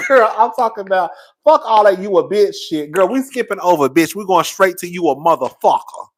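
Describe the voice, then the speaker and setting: A man's voice: high-pitched, expressive, moderate pace. Sassy, profane gossiping man. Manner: sassy, profane, laughs often, acts out loud shouted impressions. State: a little tipsy. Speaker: commentary host. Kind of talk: animated reality-TV gossip commentary.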